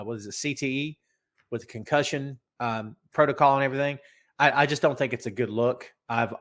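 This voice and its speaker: A man's voice: mid-range voice, fairly bright tone. A middle-aged man hosting a wrestling podcast, rambling and joking in casual chat while fighting a head cold. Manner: rambling, joking, talks to a co-host. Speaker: podcast host.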